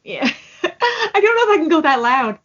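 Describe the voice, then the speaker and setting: A woman's voice: extremely high pitch, big pitch swings, moderate pace, fairly bright tone, muffled recording. A woman hosting a podcast in casual chat, talking in a giggly, self-deprecating, chatty way. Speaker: podcast host.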